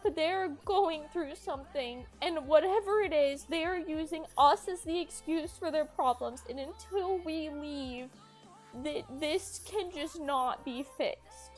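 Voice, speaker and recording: A woman's voice: high-pitched, a little slow, faint music behind. A young woman streamer telling a long personal story in a rambling way, full of "like" and swearing. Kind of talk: casual storytelling to stream chat.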